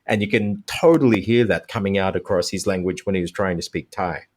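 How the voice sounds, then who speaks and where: Animated low-voiced man explaining. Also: a little fast. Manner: animated, explanatory, laughs easily. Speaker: language teacher, podcast guest. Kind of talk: conversational explanation.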